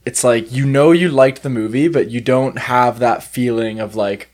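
A man's voice: mid-range voice, moderate pace, a little mellow. A man co-hosting a film podcast, chatting casually. He rambles in loose sentences, circling back and restarting his thoughts. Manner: rambling, many fillers and restarts. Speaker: podcast co-host. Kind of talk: casual film review chat.

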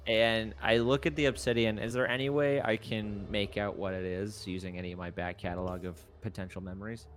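A man's voice: fairly low pitch, fairly even intonation, fairly quick, slight background noise. Easygoing young man at a tabletop game. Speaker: player. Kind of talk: casual tabletop play.

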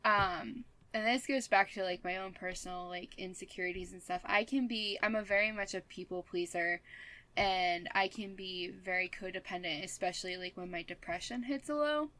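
A woman's voice: medium pitch, normal speed, pushed and bright, low-quality recording. A woman speaking candidly in a casual conversation, with frequent filler words. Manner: candid, confessional, filler-heavy. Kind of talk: casual chat.

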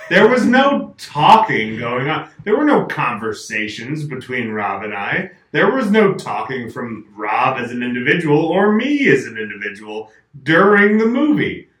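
A man hosting a casual chat and telling an animated anecdote. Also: on the high side. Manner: animated storyteller, acts out quotes. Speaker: podcast host telling a story. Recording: roomy, mic at a distance.

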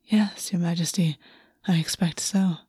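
Lady doing a soft-spoken courtier guy, whispery and coaxing, warm dry sound. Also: lowish voice, fairly even intonation, a little slow, breathy edge, dry recording. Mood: coaxing whisper. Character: gentle, scheming male courtier.

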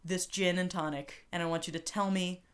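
A woman playing a smug 1960s husband, speaking in a dry, patronizing deadpan in a comedy improv scene. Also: on the low side, brisk, lightly acted. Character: smug 1960s ad-man husband, male, middle-aged.

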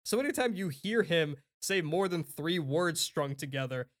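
Male co-host, slightly raised pitch, animated and opinionated, casual swearing banter. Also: normal speed. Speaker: podcast co-host. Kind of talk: casual chat.

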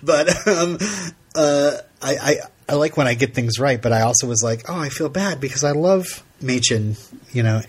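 A podcast co-host speaks at normal speed in a mid-range, slightly rough voice with lively intonation. His casual talk rambles, studded with fillers and restarts.

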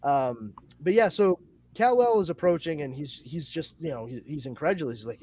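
A male podcast host chatting casually, summarizing a comic in a rambling, animated way with lots of fillers. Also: on the high side, normal speed. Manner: rambling and animated, with many fillers and excited asides.

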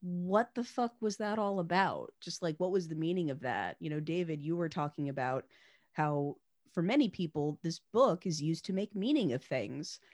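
A woman co-hosting a podcast, chatting casually and retelling a story in slangy, irreverent bits full of "like" and "um." Her voice sits a little low but moves a lot in pitch. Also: lively intonation, moderate pace, darkish tone. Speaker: podcast co-host. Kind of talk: casual chat.

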